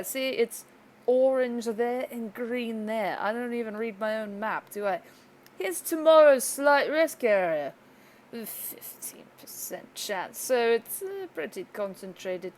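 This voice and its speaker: A woman with a fairly high voice talks through a weather screencast in a loose, off-the-cuff way. She rambles, jokes at her own expense, and often trails off, unsure of herself. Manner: rambling, joking, self-deprecating. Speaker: amateur weather forecaster. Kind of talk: casual weather screencast narration.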